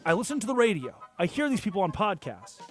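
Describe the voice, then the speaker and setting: Animated high-voiced sports radio host. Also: male voice, soft background music. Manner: mocking, swings loud and soft, fast then slow. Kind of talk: sports talk rant.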